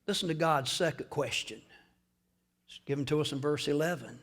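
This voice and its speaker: A man pastor preaching a sermon in a call-and-response style, swinging from hushed tones up to loud peaks. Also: fairly high pitch, moderate pace, pauses often.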